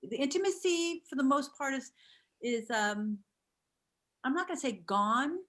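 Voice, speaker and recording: A middle-aged woman, an actor as interview guest, chatting casually and telling animated stories. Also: high voice, unhurried. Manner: animated storyteller, acts out quotes.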